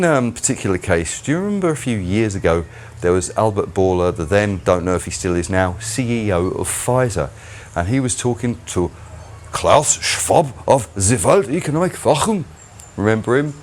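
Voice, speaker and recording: A man's voice: fairly low pitch, a little hiss or hum. A man hosting his own channel, delivering a rambling, mocking solo commentary. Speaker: channel host.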